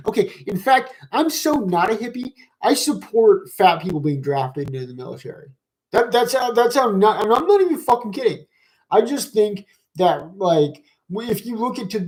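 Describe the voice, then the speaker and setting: A man's voice: sits high, poor audio. Swearing, rambling man ranting. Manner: rambling, swears constantly, lots of fillers and restarts; heated and mocking. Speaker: commentary vlogger. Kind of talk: profane rant reacting to comments.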